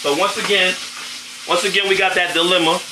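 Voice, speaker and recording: A man's voice: high-pitched, fairly even intonation, fairly quick, roomy sound, background noise. A man hosting a casual cooking show, chatting in slang while he cooks and often asking if you know what he's saying. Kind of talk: casual cooking demo chat. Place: home kitchen with food frying.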